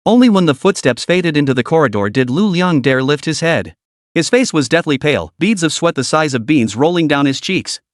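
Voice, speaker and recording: Brief: male recap narrator, higher register, lively pitch, dry booth-like sound. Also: brisk, no echo.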